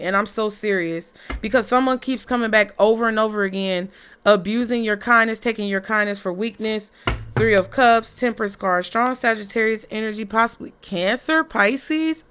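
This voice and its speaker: A woman's voice: a little high, normal speed, a bit bright, clear, resonant tone. Blunt, fired-up woman tarot reader. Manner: blunt, profane, fired-up motivational talk. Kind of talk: casual collective tarot reading.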